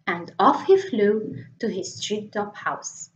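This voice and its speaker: A woman reading a children's picture book aloud in an expressive, unhurried way. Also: mid-range voice. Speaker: storybook reader. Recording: echoey dull lo-fi room.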